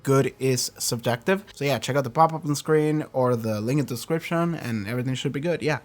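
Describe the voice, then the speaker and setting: A man's voice: mid-range voice, brisk. Casual rambling male reaction host. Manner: rambling, self-correcting, laughs often, casual swearing. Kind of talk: casual chat.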